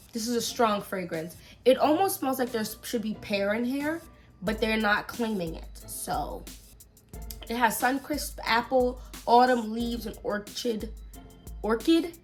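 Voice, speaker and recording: A woman with an American accent, chatting to camera about scents she has bought and talking straight to her viewers. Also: a little high. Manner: chatty, animated, talks to viewers directly. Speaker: fragrance vlogger. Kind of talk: casual haul review to camera.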